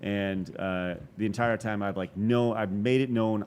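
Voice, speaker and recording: A man in his forties telling a long story as a podcast guest, animated and profane, with quick asides and restarts. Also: on the low side, smooth. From Texas. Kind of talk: casual storytelling interview.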